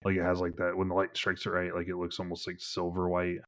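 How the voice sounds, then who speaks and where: Deep-voiced male game master, loose and rambling, lots of "like" fillers. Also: monotone, quick pace, a bit bright. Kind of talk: narrating a tabletop game.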